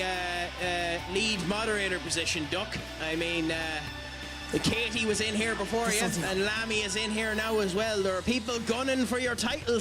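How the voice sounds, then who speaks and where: Male streamer, high voice, chatty and self-mocking, game music under. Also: normal speed. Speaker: game streamer reading chat. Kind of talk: casual live-stream chat.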